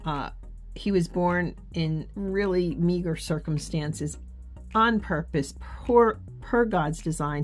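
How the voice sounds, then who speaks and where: A woman hosting a faith journaling channel, talking casually and earnestly to viewers while she writes, with soft laughs and fillers. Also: fairly low pitch.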